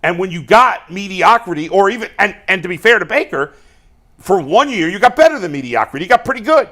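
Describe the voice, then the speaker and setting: Blunt high-voiced sports talk host. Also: male voice, sing-song, fairly quick, sharp tone. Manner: blunt, profane, emphatic. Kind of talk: casual sports debate.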